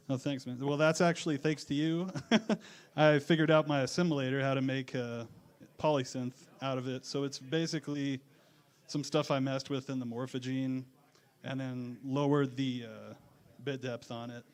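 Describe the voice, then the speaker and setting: This is a casual interview at a bar with live music, where a man who has just played talks about his music in a relaxed manner. He has a mid-range voice, a steady tone, and a moderate pace.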